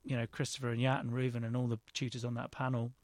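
An actor and director from London, England, chats as a guest in a casual interview, rambling hesitantly and putting himself down with many restarts. His mid-range voice is monotone, fast and a little mellow, recorded dry and close.

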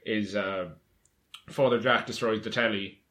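A man chats in an easygoing way on a podcast, agreeing often and padding his talk with fillers. His voice is fairly low and bright. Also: fairly even intonation, unhurried. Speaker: podcast co-host. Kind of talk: casual chat.

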